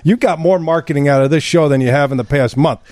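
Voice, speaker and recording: A blunt, joking radio host, talking casually into a studio microphone. His voice sits a little high for a man. The room sound is dry and close. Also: quick pace, a little mellow, no echo.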